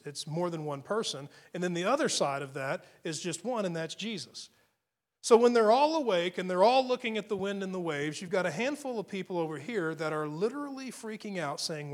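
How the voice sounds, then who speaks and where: A man's voice: fairly high pitch, fairly bright tone. Man preaching a conversational sermon. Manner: conversational preaching with frequent restarts and rhetorical questions. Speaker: pastor.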